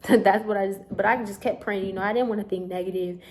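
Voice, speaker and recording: A young woman, telling a storytime vlog straight to her viewers in an animated, chatty way. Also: medium pitch, quick pace. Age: young adult. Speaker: vlogger.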